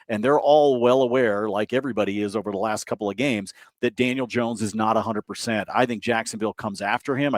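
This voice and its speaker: A man co-hosting a sports betting podcast, laying out his picks in a steady, reasoned way. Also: lowish voice, no echo. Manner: steady, reasoned, lots of "I think". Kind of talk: casual betting analysis.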